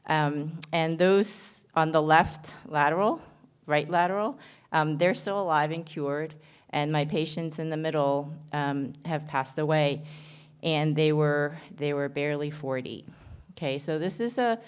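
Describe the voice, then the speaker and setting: A woman with a New Jersey accent presents at a medical conference, earnest and a little halting, often pausing on "um" and restarting her sentences. Her voice sits low and comes across smooth and clear. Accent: American, New Jersey. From Korea. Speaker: surgeon giving a conference talk.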